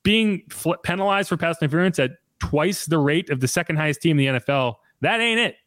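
In studio-quality audio with no room sound, a man with a fairly high, bright, expressive voice talks at a brisk clip. He's a podcast host and sports reporter chatting loosely and casually about sports, often restarting his sentences.

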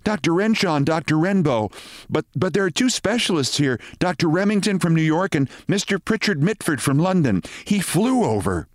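A man reads the part of an eager young woman nurse, raising his voice above his natural pitch. It sits on the high side with big pitch swings and a moderate pace. The recording is dry, with clean studio sound.

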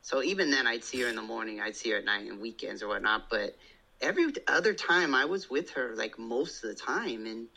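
Man, 30s, casual chat, bright voice, expressive pitch, playful storyteller. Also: a little fast, vocal fry, breathy edge, poor audio. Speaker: podcast guest.

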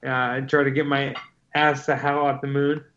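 A man's voice: mid-range voice, level tone, normal speed, fairly bright tone. A man co-hosting a podcast, chatting in a laid-back, joking way. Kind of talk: casual chat. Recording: dull lo-fi audio.

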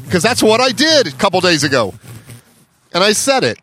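A man's voice: fairly high pitch, big pitch swings, fairly quick, fairly bright tone, a little hiss or hum. A man co-hosting a podcast, casually telling a story and acting out both sides of a phone call. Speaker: podcast co-host.

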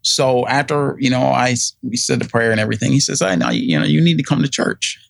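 A gravelly-voiced middle-aged man rambles through a personal story, full of fillers and restarts. He slips into the voices of the people he quotes. The sound is close and dry, with no room around it. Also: mid-range voice, fast talker, no room sound. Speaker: guest telling his story. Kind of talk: casual storytelling.

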